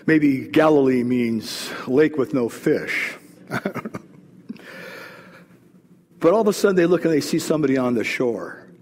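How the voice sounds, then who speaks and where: A man's voice: mid-range voice, expressive, measured pace, long pauses, a little mellow, in a large hall. A man preaching a sermon, retelling scripture in casual, everyday words. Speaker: pastor.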